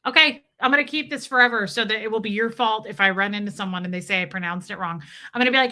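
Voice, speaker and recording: A woman's voice: mid-range voice, fast talker, few pauses. A woman hosting a livestream and reading viewer messages in casual, playful chat, swearing freely and slipping into mock voices. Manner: playful and animated, breaks into bits of song and mock voices. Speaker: livestream host reading viewer super chats.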